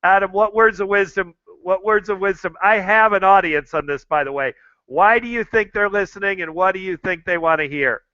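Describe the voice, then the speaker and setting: Middle-aged American male host, chatty and repetitive, with a clear, rather high voice. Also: a little fast, sharp tone, no echo, muffled recording. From United States. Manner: addresses listeners directly, chatty and repetitive. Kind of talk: casual talk to listeners.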